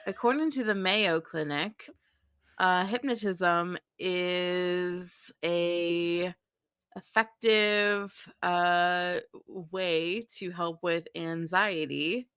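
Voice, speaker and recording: A woman co-hosting a podcast in casual chat, unhurried and trailing off into fillers. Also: lowish voice, fairly bright tone, smooth, no room sound, clean studio sound. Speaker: podcast co-host.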